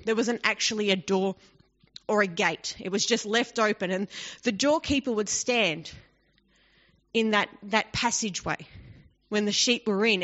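A woman's voice: mid-range voice, a bit bright. A woman teaching a Bible passage in an explanatory, conversational way, often asking the listeners rhetorical questions. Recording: dull lo-fi recording.

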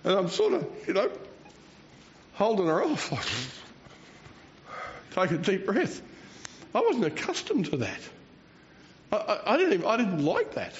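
A man's voice: high voice, huge pitch swings, a little slow, long pauses, a little hiss or hum. A man, preaching a rambling, self-mocking sermon and chuckling between phrases. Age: 60s. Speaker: pastor. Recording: dull lo-fi recording.

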